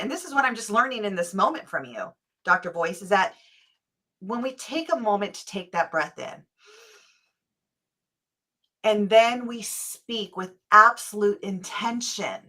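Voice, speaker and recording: A woman's voice: medium pitch, animated, measured pace, long pauses, sharp tone. A woman hosting a parenting podcast, talking earnestly and thinking aloud. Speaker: podcast host. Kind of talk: podcast interview.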